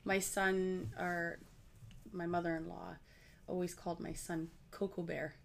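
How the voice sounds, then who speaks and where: A middle-aged woman co-hosting a podcast, chatting bluntly and letting her sentences trail off quietly. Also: lowish voice, little pitch movement, measured pace, gravelly, slight background noise. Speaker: podcast co-host. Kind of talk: casual podcast chat.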